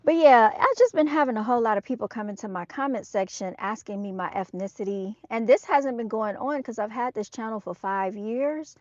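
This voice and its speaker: A woman's voice: a little high, brisk, hardly any pauses, darkish tone, no echo. A woman chatting casually on a live stream from an outdoor motorcycle show, speaking straight to her viewers on her phone. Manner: chatty and direct, calls viewers "y'all". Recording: dull, dry lo-fi sound.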